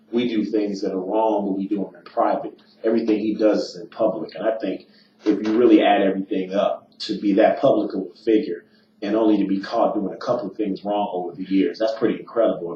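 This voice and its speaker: Guy hosting a political talk show, kinda low voice, rambly and emphatic, sounds far off in a boomy room. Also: warm tone. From eastern United States. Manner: emphatic, rambling, with filler "uh"s and restarts. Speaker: radio show host. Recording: roomy, distant, dull, slightly noisy.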